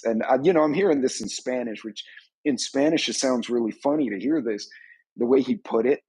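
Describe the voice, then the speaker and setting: A man's voice: mid-range voice, a little fast, mellow, breathy edge, no room sound, rough recording. A man hosting a live stream on a preparedness channel, giving rambling, conversational commentary on current events.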